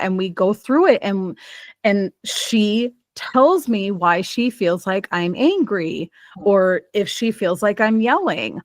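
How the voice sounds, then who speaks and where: A woman speaking as a guest in casual conversation, expressive and quick to laugh, sharing her experience as a child behavior specialist. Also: on the high side, dry recording. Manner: lively, expressive, laughs easily.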